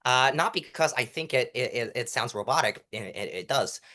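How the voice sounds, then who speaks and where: Here a lively young mock trial competitor, appearing as an interview guest, coaches on courtroom delivery in a casual chat. His voice sits in the mid range at a moderate pace, and he animatedly recites lines at varying volumes to demonstrate.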